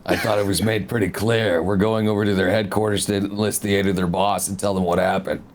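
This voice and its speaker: A man's voice: fairly low pitch, flat delivery, fast talker. A man playing a tabletop game, talking expressively and swearing in character. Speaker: player. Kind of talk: tabletop role-play chat.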